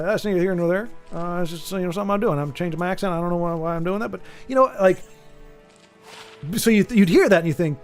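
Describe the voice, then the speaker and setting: American male streamer, high voice, chatty and rambling, faint music bed. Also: fast. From United States. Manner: rambling, chatty, lots of restarts, reads chat aloud. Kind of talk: casual chat while gaming.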